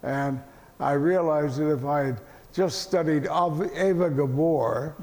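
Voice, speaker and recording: An older man, a veteran actor answering questions at an event, halting with many fillers and dry deadpan jokes. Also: a little high. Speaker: interview guest, veteran actor. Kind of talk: relaxed panel conversation. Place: event hall with audience. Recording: echoey hall.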